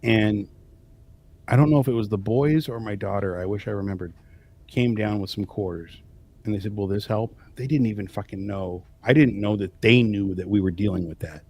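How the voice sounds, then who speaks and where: A man's voice: lowish voice, normal speed, darkish tone, slightly rough. A man co-hosting a casual podcast conversation, talking bluntly and swearing freely as he speaks about parenting. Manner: blunt and profane, with frequent swearing. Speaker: podcast co-host and father.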